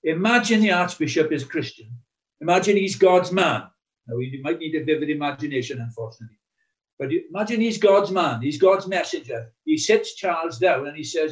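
A man's voice: a little fast, low-quality recording. A middle-aged man preaching a sermon, earnest and emphatic, telling stories to drive his points home. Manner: earnest, emphatic storytelling with lively swings in pitch and loudness.

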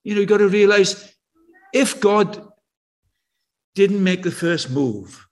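An older man preaching a sermon, chatty and anecdotal, slowing down to repeat key words with emphasis and dropping in wry, self-deprecating asides. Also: high-pitched, animated. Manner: conversational and anecdotal, with slow emphatic repetition.

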